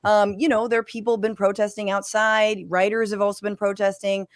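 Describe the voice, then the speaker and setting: A woman political commentator and comedian joining a panel by video call. She talks quickly and emphatically, sliding jokes into her points. The sound is dry and close, with no room around it. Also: mid-range voice, little pitch movement, dry recording.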